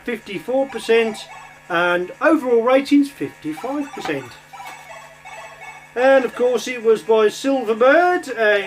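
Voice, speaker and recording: A man casually chatting while playing and reviewing old computer games, rambling with lots of ums and uhs. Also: sits high. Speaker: retro game reviewer. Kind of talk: casual gameplay commentary.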